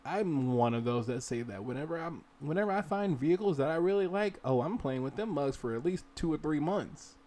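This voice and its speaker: A little high, expressive and mellow, his voice moves a little fast with hardly any pauses. He hosts a gaming livestream, rambling through a casual screen-share modding tutorial and talking to viewers directly to spur them on.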